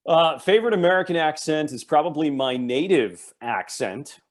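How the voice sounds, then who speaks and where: A man's voice: on the high side, animated, moderate pace. A man from New York who works as an audiobook narrator and dialect coach, explaining things at length in casual chat. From New York, Long Island.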